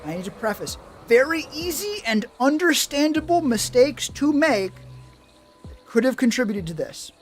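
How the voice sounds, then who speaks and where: A man's voice: very high voice, moderate pace, soft background music. A man streaming, chatting casually about running tabletop games, swearing often and answering chat. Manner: profane, animated, rambling, reading chat. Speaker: streamer giving tabletop game advice.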